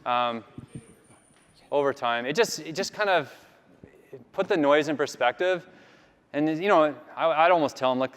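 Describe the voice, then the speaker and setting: A man's voice: a little high, lively intonation, normal speed, long pauses, a bit bright, clean tone. A man from Canada giving a casual, rambling conference talk with a live demo, full of fillers. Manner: chatty, rambling, filler-heavy. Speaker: conference speaker. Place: large conference hall. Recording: long reverb of a big hall.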